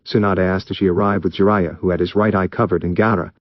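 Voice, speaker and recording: A man narrating fan fiction aloud in a plain, steady reading voice. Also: low-pitched, fast talker, hardly any pauses, dry recording, muffled recording.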